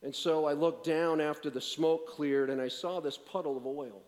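A pastor giving a sermon, moving between loud, emphatic preaching and quiet, self-deprecating storytelling. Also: male voice, a little high, moderate pace, long reverb tail.

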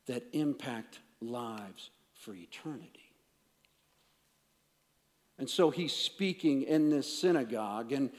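Pastor preaching, kinda high voice, goes loud then real hushed, big echoey sanctuary. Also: male voice. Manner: emphatic, swinging from raised declarations to hushed intensity. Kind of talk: sermon. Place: church sanctuary. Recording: long reverb of a large hall.

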